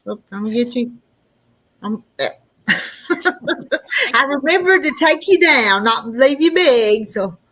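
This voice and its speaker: A woman's voice: on the high side, lively intonation, takes it slowly, long pauses, sharp tone, slight background noise, poor audio. A woman chatting and teasing with friends as a co-streamer on a video call. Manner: teasing and laughing. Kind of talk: casual chat.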